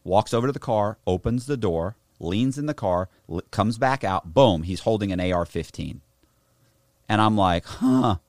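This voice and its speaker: Young man, low voice, lively storyteller, slangy, dry close sound. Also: moderate pace, no echo. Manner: animated, slangy, swears and says bro. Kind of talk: casual storytelling chat.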